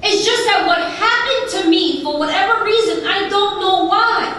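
A woman's voice: very high voice, moderate pace, sharp tone, slight background noise. A woman giving an emphatic personal testimony at a recovery meeting, with rhythmic repeated lists. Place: large conference hall. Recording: very echoey hall, voice from far off.

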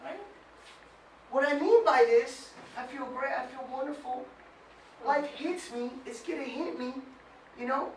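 A man giving an animated motivational talk to a small live group, quizzing them with questions and breaking into mocking whiny voices. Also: extremely high pitch, unhurried, long pauses. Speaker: motivational speaker. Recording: roomy sound from far off with faint noise.

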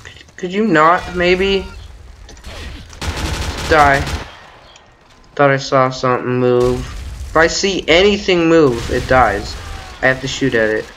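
Teen boy gaming commentator, bright tone, chatty trash talk, home desk mic with faint noise. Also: medium pitch, expressive, takes it slowly, pauses often. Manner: chatty, trash-talking, frequent mild exclamations. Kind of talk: casual gameplay commentary. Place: bedroom at home.

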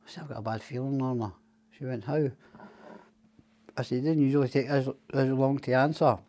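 A Scottish man spins a long, rambling story in a casual chat, swearing freely as he goes. His voice sits at an ordinary middle pitch. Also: warm tone. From Scotland. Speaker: podcast guest.

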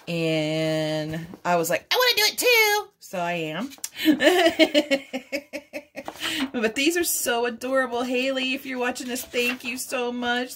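A middle-aged woman hosts a craft vlog, gushing, cooing and giggling as she unboxes gifts. Her voice is mid-range, with a little hiss or hum in the audio.

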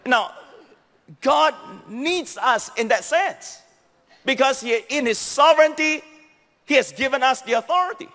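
A man's voice: lively intonation, a little slow, bright, forceful tone, in a large hall. A man with a Singaporean English accent preaching a sermon as a pastor, emphatic and repetitive, stressing key phrases. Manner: emphatic preaching, repeating key phrases, sweeping pitch swings.

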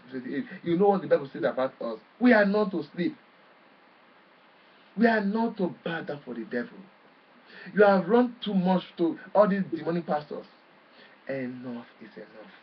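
A man preaching a sermon forcefully, swinging between loud bursts and quiet drops. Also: fairly high pitch, slightly rough, far from the mic, highs cut off.

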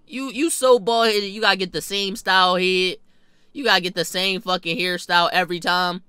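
A young man telling a funny personal story in a storytime vlog, animated and profane with sudden jumps in pitch and loudness. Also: fairly quick, clean tone, no echo, studio quality. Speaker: vlogger.

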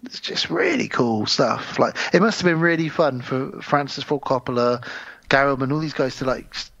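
Man, podcast co-host, casual film chat, husky, dry dull recording. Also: medium pitch, normal speed, no echo. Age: adult with wife and in-laws. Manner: animated, acts out scenes in voices, laughs often.

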